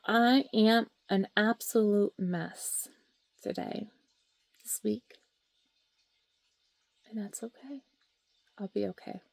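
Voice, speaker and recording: A woman's voice: mid-range voice, slow, vocal fry, no echo. A woman vlogging from home about her grief, talking in a raw, rambling and emotional way, sometimes dropping to a whisper, into a handheld camera. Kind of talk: candid talking-to-camera vlog. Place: at home, indoors. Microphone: handheld camera or phone.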